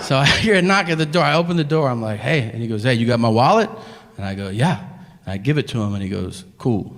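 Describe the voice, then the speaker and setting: A man telling a stand-up story on stage, deadpan and exasperated as he acts out the dialogue. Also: mid-range voice, fast, slight background noise. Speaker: stand-up comedian. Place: comedy theater stage. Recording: live theater hall with faint ambience. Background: audience laughter.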